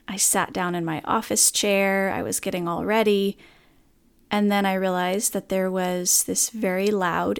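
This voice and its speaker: A woman's voice: medium pitch, clear, resonant tone. A woman hosting her own podcast, talking candidly and earnestly about a hard morning in a reflective monologue. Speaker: podcast host.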